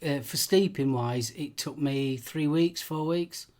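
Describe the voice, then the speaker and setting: A man's voice: a little high, measured pace, darkish tone. A man in a casual live stream chat, playful and jokey, sometimes trailing off to find words.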